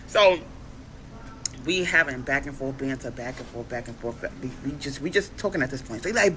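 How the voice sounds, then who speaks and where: A woman telling a dating story, animated, acting out both sides of the conversation. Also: sits low, fairly quick, a little hiss or hum. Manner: animated, quoting others in exaggerated voices. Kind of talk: storytime vlog.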